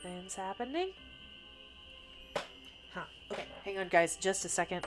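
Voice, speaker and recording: A woman's voice: medium pitch, lively intonation, moderate pace, pauses often, music in the background. A woman streamer giving chatty, rambling let's play commentary, thinking aloud as she plays. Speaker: gaming streamer.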